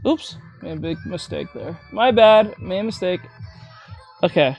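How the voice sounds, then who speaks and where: A woman art teacher chatting casually on a livestream while drawing, gushing with thanks and breaking into excited shouts. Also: medium pitch, unhurried, highs cut off. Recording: faint music behind.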